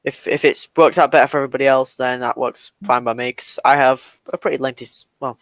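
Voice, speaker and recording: A man's voice: mid-range voice, steady tone, fast, a bit bright, no room sound. Easygoing British man, dry sound. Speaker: podcast co-host and story reader. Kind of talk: casual chat.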